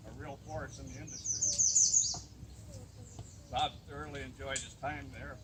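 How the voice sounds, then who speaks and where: A man addresses a memorial gathering as the family's neighbor, offering condolences in a steady, formal way. His pitch is middling, and heavy background noise sits under his voice. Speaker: neighbor giving a eulogy. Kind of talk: prepared memorial speech.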